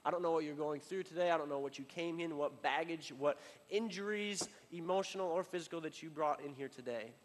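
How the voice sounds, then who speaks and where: A man preaching a sermon in a casual, conversational way, full of fillers and restarts, building up and then dropping to a quiet emphasis. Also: fairly high pitch, brisk, few pauses, in a large hall. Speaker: pastor.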